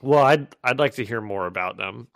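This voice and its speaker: A man's voice: mid-range voice, vocal fry, fairly bright tone, no echo, studio quality. A man co-hosting a podcast in casual chat, rambling and filling his talk with "like". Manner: rambling with many "like" fillers, quick to laugh. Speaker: podcast co-host.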